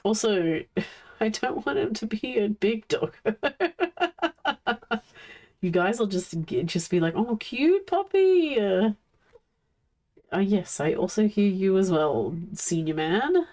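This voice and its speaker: A woman's voice: medium pitch, animated, moderate pace, mellow. A woman streaming live, chatting casually and coaxing and playfully scolding her pets.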